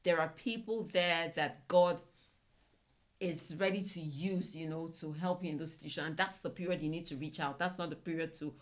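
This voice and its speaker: A woman from Nigeria with a very low voice, co-hosting a podcast. She gives fervent, encouraging advice in casual talk, leaning on faith. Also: fairly even intonation, moderate pace. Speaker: podcast co-host. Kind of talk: casual chat.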